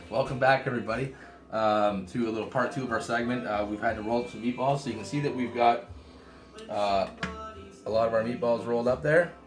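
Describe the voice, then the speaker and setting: A man hosting a casual home cooking demonstration, chatting with joking asides while gently scolding a child who is helping. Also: medium pitch, steady tone, a little fast, reverberant, over music. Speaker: home cooking show host. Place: home kitchen.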